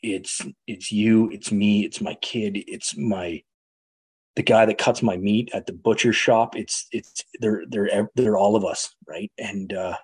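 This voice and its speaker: A man's voice: fairly low pitch, steady tone, unhurried, darkish tone, breathy edge. A middle-aged man from Canada telling his recovery story in an earnest, frank way. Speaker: guest speaker sharing recovery story. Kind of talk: personal testimony.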